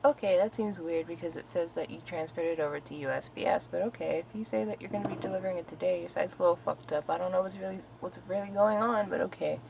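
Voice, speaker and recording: Woman, low voice, gravelly, casual venting rant, exasperated, cussing a lot. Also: fast talker, few pauses, slight background noise, poor audio. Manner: profane, exasperated, animated storytelling. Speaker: vlogger.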